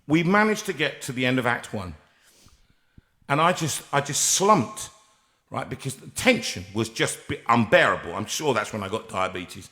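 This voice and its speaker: A man hosting a live stream, telling a comic story with animated, acted-out voices. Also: mid-range voice, normal speed. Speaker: host and singer.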